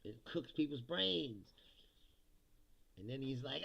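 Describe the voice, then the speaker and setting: A man with a gravelly, bright and forceful voice rants casually to his livestream audience. He breaks into laughter often and swings his pitch around as he mocks people in put-on voices. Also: animated, measured pace. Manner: laughs often, mocking put-on quotes, profane. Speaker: livestream host. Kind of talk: casual political rant.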